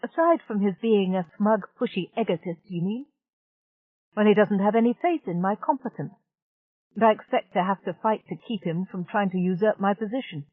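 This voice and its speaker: A blunt, irritable young woman from a storybook, pitched up and quick to complain, as a woman reader puts her on. She sounds tinny and narrow, as if over a phone line. The recording is dry and close. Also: dry recording, close to an everyday voice. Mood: exasperated. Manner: frank and irritable. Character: blunt, exasperated young woman station partner.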